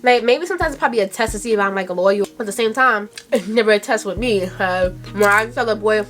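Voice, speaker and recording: A woman's voice: medium pitch, fast, hardly any pauses, a bit bright, faint music behind. A young woman from Brooklyn with a Brooklyn New York accent, chatting casually and giggling a lot as she reacts on her vlog. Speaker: vlogger. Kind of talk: casual chat.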